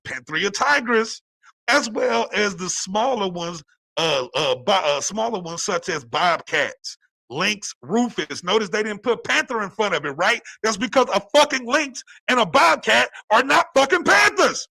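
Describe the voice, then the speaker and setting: A man's voice: high-pitched, animated, a little slow, gravelly, sharp tone. A man in a heated online debate, taunting and swearing at his opponent. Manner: profane, taunting.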